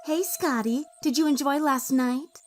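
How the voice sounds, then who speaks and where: A woman's voice: sits high, measured pace, faint music behind, pitched above the performer's own voice. A woman voicing a scheming young female rival who talks in a smug, teasing way.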